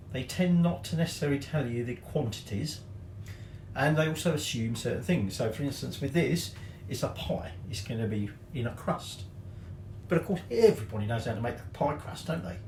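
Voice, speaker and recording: A man of middle pitch hosts a cooking tutorial in a chatty way. He drops joking, self-mocking asides between steps. His voice bounces around a roomy kitchen. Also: a little mellow, slight background noise. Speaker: cooking show host.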